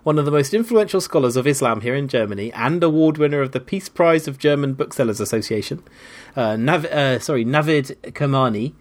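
Lively, teasing man. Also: medium pitch, a little fast. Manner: teasing and sarcastic. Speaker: podcast co-host. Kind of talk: casual banter, reading listener emails.

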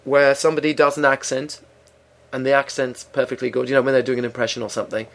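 A man co-hosting a casual chat, dry and mock-serious in a deadpan way. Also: medium pitch, fast talker, gravelly. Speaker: co-host. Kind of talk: casual radio-style chat.

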